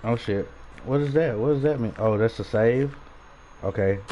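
A man's voice: mid-range voice, normal speed, mellow, highs cut off, a little hiss or hum. A young man giving jumpy, swearing let's-play commentary with nervous laughter while playing a horror game. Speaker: gaming YouTuber.

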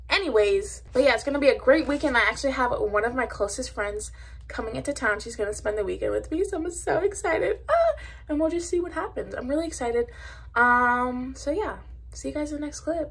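A woman's voice: a little high, expressive, normal speed, creaky, fairly bright tone, breathy edge. A woman in her twenties talking casually at home to her camera, bubbly and chatty, with lots of "like" and "literally". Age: 20s. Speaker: vlogger. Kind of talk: casual chat.

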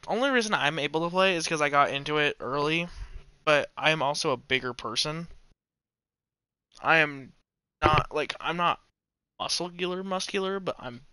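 This is a male streamer talking loosely over a hockey video game, excitable and quick to swear. His voice sits a little high and swings widely in pitch, bright and clean. The sound is dry and close. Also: clean tone, no room sound. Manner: excitable, swears freely, rambling. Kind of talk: casual live gaming commentary.

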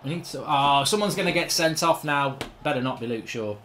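Fairly quick and heavy on profanity, this man hosts a live gameplay channel and vents his frustration, lurching between muttering and yelling. A faint hiss or hum sits under the audio.

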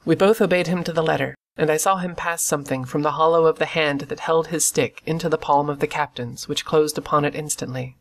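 A medium-pitched voice tells a classic adventure novel as an audiobook, keeping the narration steady and measured throughout.

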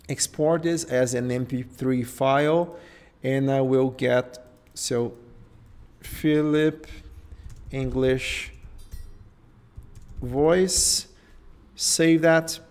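A man's voice: medium pitch, a little mellow. A man with a Portuguese accent, a native Portuguese speaker, hosting a live screen-share tutorial and thinking aloud, often tagging his sentences with "okay?" and "right?". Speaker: host.

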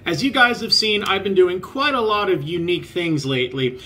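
A man's voice: sits high, moderate pace, sharp tone. A man hosting his own reaction channel, introducing clips in a chatty, upbeat way. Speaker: reaction video host. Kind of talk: casual reaction vlog.

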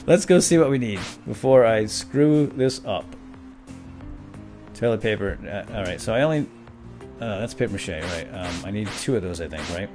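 Excitable man with a lively voice. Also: lowish voice, moderate pace, soft background music. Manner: excitable, chatty, talks to game characters, gasps and laughs. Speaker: let's play host. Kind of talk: gameplay commentary.

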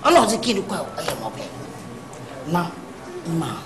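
A man with a Ghanaian accent, playing excitable, playful comedy film dialogue. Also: on the high side, moderate pace, reverberant, over music. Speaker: comic actor.

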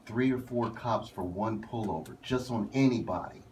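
A man's voice: lowish voice, normal speed, darkish tone, a little hiss or hum. An American man hosting a casual radio interview, blunt and joking. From United States. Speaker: radio host.

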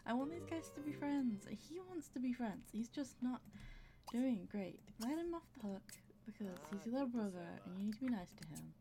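Female gamer narrating her play, chatty and laughing, gravelly fry and audible breaths over faint hiss. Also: a little high, lively intonation, fairly quick. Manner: chatty, talks to her game characters, laughs often. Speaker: gameplay commentator. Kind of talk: casual gameplay commentary.

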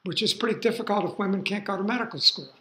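An older man giving a university lecture, rambling through relaxed asides with fillers. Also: high voice, racing. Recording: roomy lecture hall.

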